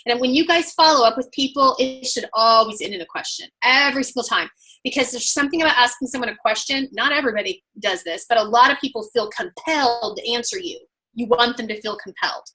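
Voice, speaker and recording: An upbeat woman with an Oklahoma accent, leading a group coaching talk. Her voice rings bright and sits a little high, and she talks emphatically and with energy. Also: fast talker, low-quality recording. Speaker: sales trainer.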